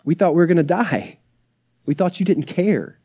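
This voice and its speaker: A man's voice: on the high side, expressive, moderate pace, warm tone, slightly rough. A young adult man, a pastor preaching a conversational sermon with acted-out quotes and asides. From Texas. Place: church sanctuary.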